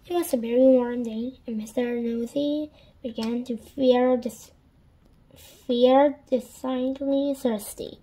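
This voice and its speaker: A woman reading a children's storybook aloud in a gentle, deliberate storytelling manner. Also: on the high side, fairly even intonation, low-quality recording. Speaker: storybook reader.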